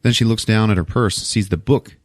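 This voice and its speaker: A man's voice: fairly low pitch, a little fast, dry recording, clean studio sound. A man hosting a podcast, casually retelling a movie plot with lots of swearing. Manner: animated, profane storytelling. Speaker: podcast host.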